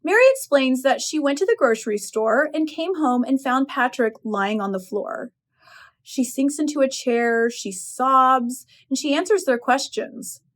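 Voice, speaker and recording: Woman professor, high voice, lecturing on a short story with lively personal opinions. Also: unhurried. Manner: expressive, opinionated retelling. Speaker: English professor. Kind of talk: literary analysis lecture.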